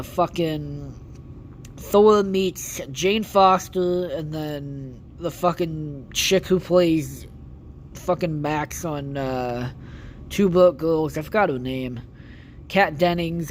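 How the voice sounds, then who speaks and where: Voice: medium pitch, a little hiss or hum. A podcast host giving a casual, rambling movie recap, with heavy swearing and lots of filler words.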